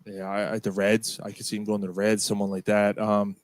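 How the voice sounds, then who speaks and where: In a dry recording, this sports podcast co-host speaks a little fast in a voice on the low side. The chat is casual and animated, and he curses without holding back.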